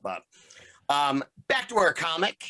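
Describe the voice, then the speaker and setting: Bright-voiced man recapping comics. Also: on the high side, wildly swooping pitch, unhurried. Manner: rambling, profane, summarizing comics with laughs. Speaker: podcast host. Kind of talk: casual comic book discussion.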